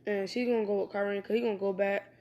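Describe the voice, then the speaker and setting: Woman, casual fan story, rambling, informal slang, many fillers and restarts, medium pitch. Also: fairly even intonation, fast talker, darkish tone.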